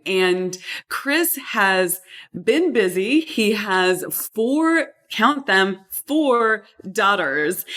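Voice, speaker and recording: A woman's voice: medium pitch, a bit bright. A woman with a mid-range voice hosts a podcast interview. She talks in an enthusiastic, emphatic way, leaning hard on key words. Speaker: podcast host.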